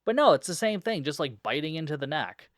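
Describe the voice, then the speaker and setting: A man's voice: a little high, big pitch swings, fairly quick, no echo, clean studio sound. A man hosting a podcast, recapping a film in a casual, sarcastic and exasperated way, swearing constantly. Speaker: podcast host reviewing a film. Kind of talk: casual profane movie recap.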